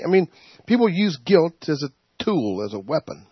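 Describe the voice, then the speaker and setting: A man leading a Bible study, preaching informally in an animated way, laughing and acting out quotes. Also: on the high side, moderate pace, slightly rough, no echo. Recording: dull, muffled sound.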